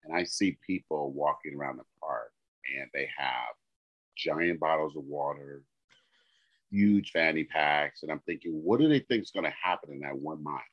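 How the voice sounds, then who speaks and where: Low voiced podcast guy, chatty, gets animated acting out his uncles. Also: moderate pace, highs cut off. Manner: animated storyteller, acts out quoted dialogue. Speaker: podcast co-host. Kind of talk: casual chat, storytelling.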